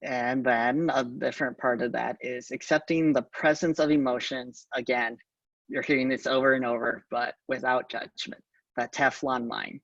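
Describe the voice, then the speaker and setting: A man with a gravelly voice gives a calm, halting conference talk, often pausing with ums. The sound is dry, distant from the microphone and dull, like a lo-fi event recording. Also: medium pitch, no room sound. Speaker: conference speaker.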